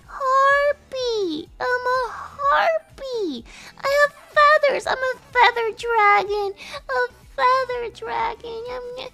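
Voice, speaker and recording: Woman doing a squeaky kawaii anime girl. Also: vocal fry, heavily acted. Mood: pouty. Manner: sing-song and pouty, spiraling into swearing tantrums. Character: sugary cutesy anime girl persona. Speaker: streamer. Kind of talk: live stream chat.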